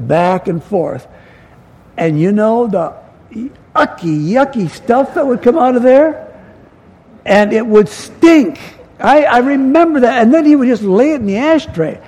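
An older man preaching a sermon in a church, folksy and storytelling, with pauses and restarts. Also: high voice, a little mellow, slightly rough. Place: church sanctuary. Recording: long hall reverb.

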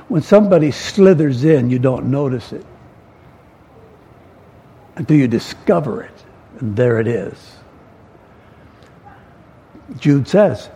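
An older man preaching a sermon in a church, folksy and storytelling, with pauses and restarts. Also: on the high side, big pitch swings, creaky, mellow, slightly rough. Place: church sanctuary. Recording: long hall reverb.

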